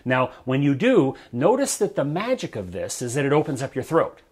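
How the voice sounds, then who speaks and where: A man teaching a breath-control exercise for brass players in a relaxed, conversational way, often checking in with the listener. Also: mid-range voice, moderate pace, slightly rough. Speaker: trombone coach. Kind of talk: instructional video talk. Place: his studio.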